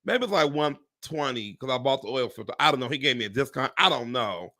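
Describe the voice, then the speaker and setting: Fast and medium-pitched, a real estate agent chats informally on a live stream, full of animated exclamations and swearing. He addresses his viewers directly as "y'all."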